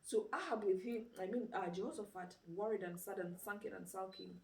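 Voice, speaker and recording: A woman preacher at medium pitch speaks fairly quickly, recorded from a distance with roomy sound and slight background noise. Her informal sermon retells a story in a lively way, filled with rhetorical questions and "you know".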